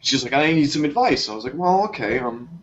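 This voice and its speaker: A man casually telling a long funny story to friends, jumping up in pitch when he acts out his own reactions. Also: brisk. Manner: animated, jumps high for quoted reactions. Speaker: podcast co-host telling a story. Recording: dull lo-fi recording.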